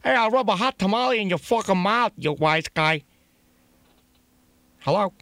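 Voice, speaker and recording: A man's voice: sits high, animated, normal speed, sharp tone, dry recording. A man making a prank phone call, talking crudely and rambling, full of profanity and chuckles. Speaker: prank caller.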